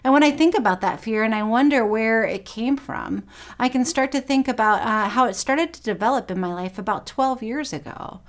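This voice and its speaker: A woman's voice: a little high, moderate pace. A middle-aged woman pastor giving a sermon, telling personal stories in an earnest way.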